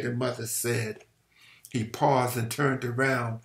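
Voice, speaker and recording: Gravelly man reading a novel aloud. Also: mid-range voice, level tone, slow pace. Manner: dramatic, with stumbles and rereads. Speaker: reader. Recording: roomy echo.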